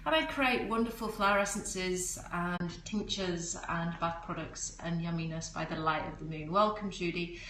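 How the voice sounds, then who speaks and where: Woman, livestream host, bubbly, high-energy, rambling chat, middle pitch, phone camera at a table indoors. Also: lively intonation, moderate pace, a bit bright, slight background noise. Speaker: livestream host selling flower essences. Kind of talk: casual livestream chat, reading viewer comments aloud.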